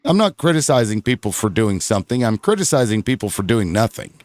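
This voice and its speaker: A man's voice: fairly low pitch, sing-song, quick pace, a little mellow, no room sound. A man on a political panel talking in a rambling, profane way. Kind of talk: casual political panel chat.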